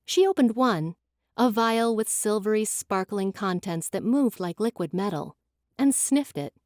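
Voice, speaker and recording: A woman giving an expressive, dramatic scripted narration of a fantasy audiobook. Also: medium pitch, measured pace, no echo, clean studio sound.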